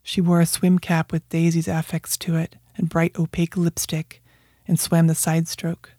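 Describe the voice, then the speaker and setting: An adult from Colorado reading personal journal entries aloud in a quiet, measured way, at times dropping into a whisper. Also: mid-range voice, monotone, dry recording. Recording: dry close mic with faint music.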